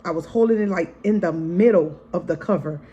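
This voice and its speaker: A woman's voice: lowish voice, fairly quick, mellow, slightly rough, highs cut off. A woman vlogger and mother telling a story in a casual vlog, frank and profane, chatting straight to her viewers. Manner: chatty, frank and profane, keeps calling to viewers as "y'all" and "girl"; re-enacts scenes vividly in the retelling.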